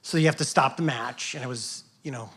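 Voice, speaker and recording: A man at a live workshop telling a personal story on stage, talking earnestly in a halting way with many restarts. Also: medium pitch, a bit bright, husky. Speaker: workshop participant. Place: event hall with audience.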